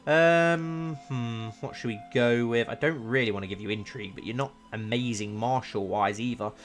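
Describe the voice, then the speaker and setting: A man streaming a strategy game, chatting casually and thinking aloud as he browses characters, often breaking into excited exclamations. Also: medium pitch, normal speed. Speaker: let's play streamer. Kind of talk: casual gameplay commentary.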